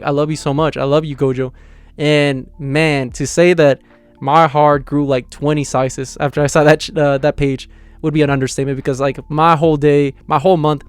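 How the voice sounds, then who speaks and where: A young man talking through a manga chapter in a rambling, excited way, full of fillers and restarts. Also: fairly high pitch, dry recording. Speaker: manga reviewer. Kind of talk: casual excited review.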